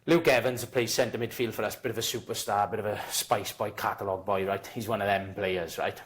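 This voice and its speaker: A man in his thirties with a South Welsh accent, a podcast guest telling a sweary, animated football story in casual chat. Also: fairly low pitch, a little fast. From Wales. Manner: swearing, animated anecdote teller acting out dialogue.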